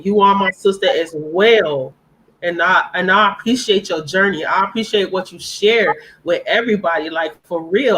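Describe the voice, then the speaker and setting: A woman's voice: mid-range voice, fairly bright tone, low-quality recording. A woman speaking on a live-stream panel, earnest and heartfelt, repeating phrases for emphasis.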